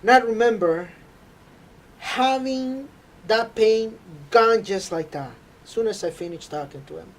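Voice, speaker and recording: A man telling an earnest, halting faith testimony. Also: high voice. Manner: halting, earnest storytelling with frequent hesitations. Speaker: interview guest.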